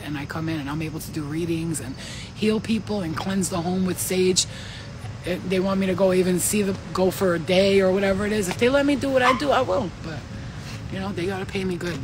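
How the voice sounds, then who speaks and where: A woman's voice: fairly low pitch, noisy background. A woman, a spiritual healer and retreat host, chatting casually and effusively on a livestream from home at night, rambling and swearing. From Albanian family.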